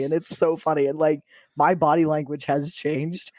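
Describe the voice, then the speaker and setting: A man hosting a podcast in casual chat, playful and quick to laugh. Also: fairly high pitch, big pitch swings, a little mellow, dry recording. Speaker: podcast host.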